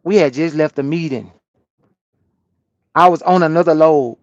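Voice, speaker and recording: A man's voice: a little high, moderate pace, dry recording, highs cut off. A man with a Southern US accent, a truck driver chatting casually with his livestream viewers and telling stories in slangy, swearing talk. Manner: animated storyteller, swears freely, slangy. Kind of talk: casual livestream chat, reading comments. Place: truck cab on a rest break.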